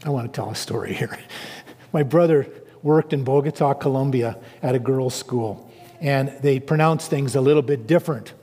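A man preaching a sermon, animated and storytelling, rising to emphatic quotes. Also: medium pitch, normal speed, breathy edge, big-room sound.

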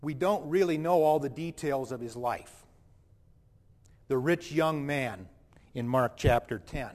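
A man's voice: medium pitch, measured pace. A man preaching a sermon in a reflective, explanatory way, with a long hall reverb.

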